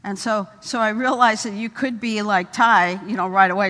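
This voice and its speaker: An older woman speaking at a conference, telling humorous stories in a lively way and often repeating her words. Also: medium pitch, moderate pace, big-room sound. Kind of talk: storytelling conference talk. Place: conference hall stage.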